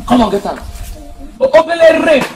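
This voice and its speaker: A woman acting out a scornful Nigerian mother who shouts and mocks in a very high voice that leaps wildly up and down. She talks over people with loud, sneering laughter in this film scene. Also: sing-song, moderate pace, soft background music. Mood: angry. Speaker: mother in a family quarrel.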